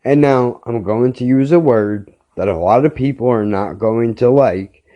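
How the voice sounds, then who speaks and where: Slow, heated, foul-mouthed male podcaster. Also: mid-range voice, mellow, highs cut off. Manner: blunt, heated and full of swearing. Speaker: podcast host. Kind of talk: profane storytelling rant.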